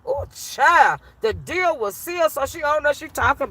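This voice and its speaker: A woman giving animated, laughter-filled reaction commentary to her livestream chat, teasing and petty. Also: high-pitched, moderate pace, few pauses, dry recording.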